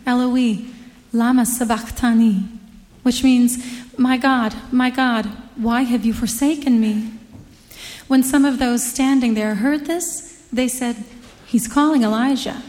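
A woman with a fairly high voice giving a measured, formal scripture reading. A long reverb trails her words, as in a large church hall. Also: a little mellow. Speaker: scripture reader.

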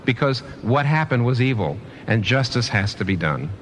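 A man preaching a sermon in a middle-pitched voice that rises and falls widely as he presses his points. He poses rhetorical questions and stumbles into quick restarts. A faint noise sits under the recording. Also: big pitch swings. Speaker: pastor.

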